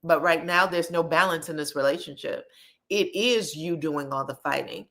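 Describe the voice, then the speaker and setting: A woman's voice: low-pitched, moderate pace, fairly bright tone. A woman hosting a podcast, recapping a reality show in blunt, sassy casual commentary. She swears freely and acts out the quoted lines dramatically.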